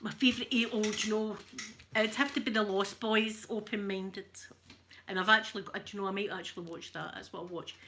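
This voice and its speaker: A woman's voice: medium pitch, fairly even intonation, brisk, sharp tone, a little hiss or hum. A middle-aged Scottish woman chatting casually while ironing, rambling from one story to the next. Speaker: ASMR creator.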